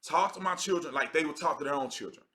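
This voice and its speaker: A man's voice: on the high side, fast, pushed and bright. A man, talking in an emphatic, conversational way as he hosts a casual livestream. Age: 30s. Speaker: livestream host.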